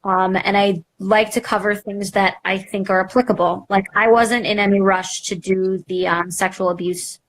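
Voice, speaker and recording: Her voice is mid-range and she talks at normal speed with few pauses. The young podcast host candidly shares her story in a live interview, self-deprecating and energetic, leaning on "like" and playacted quotes.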